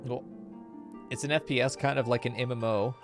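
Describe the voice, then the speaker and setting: A man's voice: medium pitch, steady tone, a little fast. A man streaming a game, joking and swearing freely as he chats with his viewers. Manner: profane, joking, talks to chat. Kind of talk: casual live-stream chatter. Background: game music.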